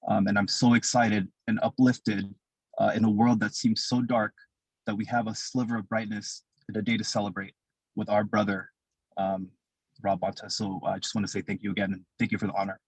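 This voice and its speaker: A man's voice: fairly low pitch, little pitch movement, a little fast, husky, dry recording, rough recording. A man giving a heartfelt, emotional speech at a virtual celebration over a video call, his voice cracking with feeling. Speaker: caucus vice chair.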